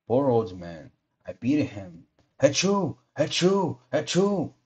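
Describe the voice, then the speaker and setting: A gruff, blustering puppet showman with a hoarse, low voice, as a man reading aloud puts him on. He booms his words slowly and heavily, soft-hearted under the bluster. This is a storybook reading. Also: lo-fi sound, natural voice. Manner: loud, slow, booming delivery with sneezes.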